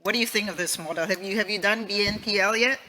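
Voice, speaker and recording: Bright-voiced woman interviewer, conversational. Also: medium pitch, fast talker, low-quality recording. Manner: conversational, rambling questions. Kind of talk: conference interview.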